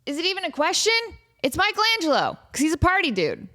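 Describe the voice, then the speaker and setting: A woman's voice: extremely high pitch, huge pitch swings, quick pace, sharp tone. A woman in her thirties hosting a podcast, chatting casually and joking her way through fan questions with lots of fillers and asides. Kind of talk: casual chat. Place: home near Las Vegas.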